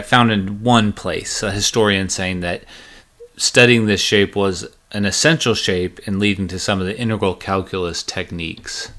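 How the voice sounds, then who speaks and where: A man's voice: fairly low pitch, a bit bright. A man teaching a recorded math lecture, chatty and joking as he walks through each step aloud.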